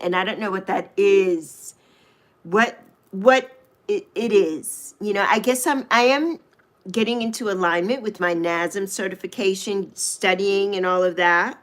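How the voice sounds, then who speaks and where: A middle-aged woman hosting a live chat with viewers, emotional and affirming as she talks about spiritual connection. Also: mid-range voice. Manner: emotional, slow and heartfelt, reads viewers' names. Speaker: livestream host.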